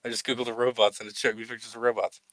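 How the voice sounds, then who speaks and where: A man with a bright, forceful voice hosting a loose, unedited podcast. He swings between offhand swearing and overblown mock-heroic praise, and the sound is close and dry with almost no room. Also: medium pitch, flat delivery, rapid-fire, no room sound, rough recording. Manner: mock-grandiose speeches, swearing, laughing at himself. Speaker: podcast co-host. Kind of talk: casual unedited chat.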